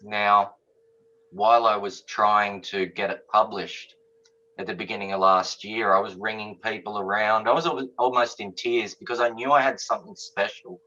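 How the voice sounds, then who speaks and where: A man's voice: lowish voice, moderate pace. A middle-aged man, an interview guest, telling a personal story casually and acting out the conversations he recalls. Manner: animated, acts out quoted conversations. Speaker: guest author. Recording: dull lo-fi audio.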